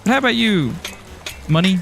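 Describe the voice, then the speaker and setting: A man's voice: high-pitched, big pitch swings, a little fast, vocal fry, a bit bright, soft background music. An Irish man streaming a game, rambling and joking with his viewers and laughing often. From Ireland. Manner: rambling and jokey, laughs often, self-teasing. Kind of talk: casual gameplay commentary, chatting with viewers.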